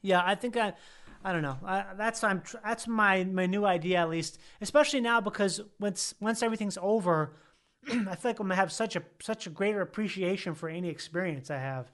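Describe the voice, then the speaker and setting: A man's voice: high-pitched, brisk, a bit bright. A man in casual podcast chat, rambling and correcting himself as he thinks aloud. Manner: rambling, self-correcting, laughing.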